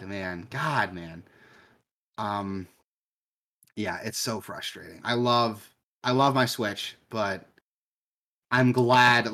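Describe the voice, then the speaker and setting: A young man co-hosts a casual gaming podcast and talks in a voice pitched a little low. He swears freely and gets animated when he tells a story. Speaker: podcast co-host. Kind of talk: casual gaming news chat.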